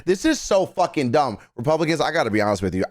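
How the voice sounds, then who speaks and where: A man's voice: on the high side, big pitch swings, fast talker, no echo, studio quality. A man from Texas hosting a reaction video, talking casually and emphatically, with profanity and repeated phrases.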